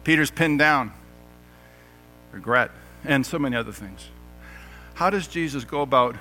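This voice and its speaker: A man's voice: mid-range voice, normal speed, long pauses, pushed and bright, faint music behind. A man, a pastor, preaching a sermon in a conversational way, with jokes and rhetorical questions to the congregation.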